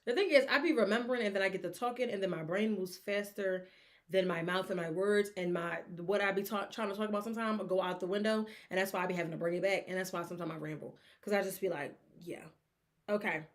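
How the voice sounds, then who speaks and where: At a medium pitch and a quick clip, a woman hosts her own easygoing sports talk show. Her animated, meandering chatter drifts into tangents, and she plays out fan reactions along the way.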